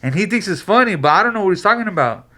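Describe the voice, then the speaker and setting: Dude on a podcast, bright voice, swears a lot, acts out the quotes. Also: male voice, high-pitched, rapid-fire. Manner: animated storyteller, acts out voices in quotes, heavy slang and swearing. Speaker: podcast co-host. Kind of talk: casual storytelling chat.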